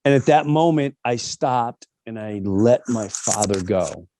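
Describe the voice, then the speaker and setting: Warm, animated middle-aged man storyteller. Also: medium pitch, a little slow. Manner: animated, acts out quoted voices, emphatic asides. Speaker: speaker telling a personal story. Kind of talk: candid storytelling monologue.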